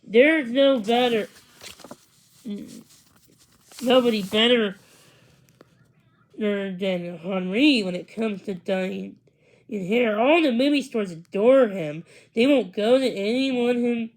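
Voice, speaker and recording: A woman's voice: on the high side, takes it slowly, creaky, rough recording. A woman reading aloud and voicing a gushing, dramatic young woman in a children's storybook, emphatic and full of superlatives. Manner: breathless and emphatic, stacking superlatives.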